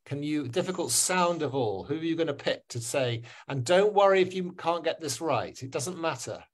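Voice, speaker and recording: Guy teaching pronunciation over a video call, encouraging, says each sound slow and over again. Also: on the high side, animated. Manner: encouraging, drills words slowly and repeats them. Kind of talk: online webinar teaching.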